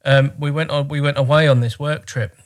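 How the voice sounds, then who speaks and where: A man's voice: fairly high pitch, steady tone, fairly quick. A man talking casually as a podcast guest, telling work stories in a rambling, wry way with lots of fillers. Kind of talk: casual chat.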